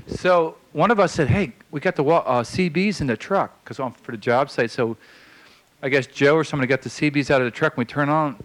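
A man telling a long personal story in a casual, halting way, with many fillers, acting out the voices of the people in it. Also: mid-range voice, rough recording. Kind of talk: casual spoken anecdote.

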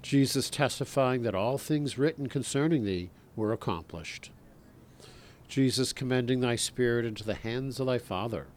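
Priest leading prayer: a man with an average-pitched voice who recites a litany slowly and solemnly, with quiet ambience behind him. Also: slight background noise.

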